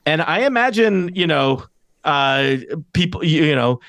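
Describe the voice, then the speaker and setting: A man's voice: fairly high pitch, animated, measured pace, a bit bright, no echo, studio quality. A man narrating a tabletop game as game master, rambling with many fillers and chuckles.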